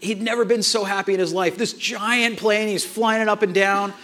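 A man preaching a sermon, telling a family story in an animated way and acting out the dialogue, with frequent restarts. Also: sits high, normal speed. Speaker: pastor.

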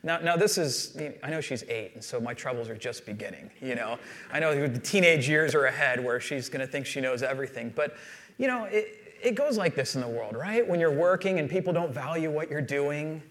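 A man in his thirties preaching a sermon, telling family stories in a relaxed, self-deprecating way. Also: a little high, a little fast. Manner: conversational storytelling with self-deprecating humor. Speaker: pastor.

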